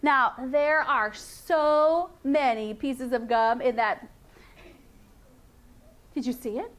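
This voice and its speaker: A woman teaching a phonics lesson to young children in a classroom, slow and sing-song, repeating sounds and rules. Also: sits high, fairly even intonation.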